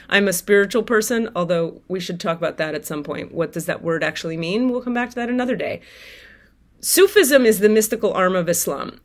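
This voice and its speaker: Animated, swearing spiritual storyteller woman. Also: medium pitch. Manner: animated, swears freely, acts out her own shouting. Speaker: tarot reader and spiritual vlogger. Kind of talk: casual storytelling to viewers.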